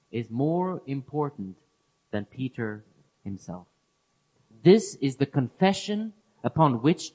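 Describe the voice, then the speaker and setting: A man gives an earnest Bible teaching talk in a voice pitched a little high for a man. He explains each point carefully and repeats key phrases for emphasis. His sentences often fall away to a soft, low finish. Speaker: preacher.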